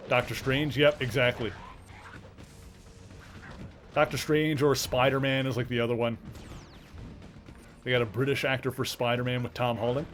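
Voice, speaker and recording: A man's voice: mid-range voice, flat delivery, moderate pace, pauses often, a bit bright, soft background music. A man with a mild Canadian accent, chatting casually while streaming a game, rambling with lots of fillers and restarts. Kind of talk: casual chat while gaming.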